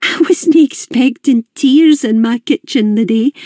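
A woman's voice: a little high, measured pace, mellow, no echo, pitched above the performer's own voice, lightly acted. A woman voicing a kindly older Scottish mother who frets and apologises. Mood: relieved.

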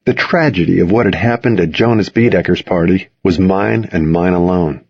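A man narrating a first-person audiobook in a wry, measured storytelling manner. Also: sits low, gravelly, slightly rough, no room sound, dull audio.

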